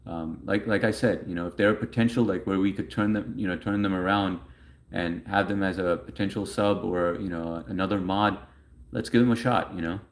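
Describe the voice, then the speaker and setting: A man's voice: sits low, fairly even intonation, a little fast. A young man hosting a livestream in a casual, rambling way, reading chat messages aloud and answering them.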